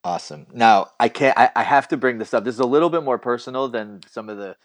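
A man's voice: mid-range voice, quick pace, no room sound. A man hosting a podcast, chatting casually and encouraging his guest in an upbeat way. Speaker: podcast host. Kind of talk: casual interview chat.

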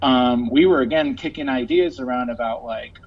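A man who is a musician, chatting casually as a guest and telling stories with lively quoted voices. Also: normal speed. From Los Angeles. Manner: animated storyteller, acts out quotes in a high voice. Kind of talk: casual chat. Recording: slightly dull audio with faint noise.

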